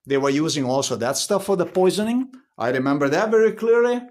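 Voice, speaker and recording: Man, agitated and profane, voice a bit high, vlog rant at home. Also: lively intonation, brisk, a little mellow. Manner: agitated, profane, repeats himself. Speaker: vlogger. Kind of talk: angry filmed rant. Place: inside his house.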